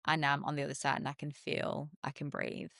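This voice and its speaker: Middle-aged woman, low and earnest, dry close sound, reflective podcast guest. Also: level tone, fairly quick, gravelly, a bit bright, no room sound. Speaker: holistic psychologist guest. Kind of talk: candid podcast conversation.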